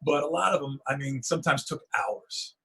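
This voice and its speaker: A middle-aged man, a wildlife photographer, telling stories in an interview, acting out the moments with rising excitement. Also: medium pitch, normal speed, gravelly, breathy edge, poor audio. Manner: animated storyteller, acts out moments with rising excitement. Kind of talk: storytelling interview on a video call.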